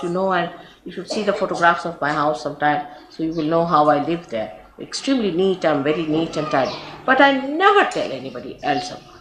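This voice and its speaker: A woman's voice: mid-range voice, a bit bright. A woman with an Indian English accent giving an informal spiritual talk, telling stories with chatty asides and laughter. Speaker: spiritual teacher. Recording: roomy archive recording with faint hiss.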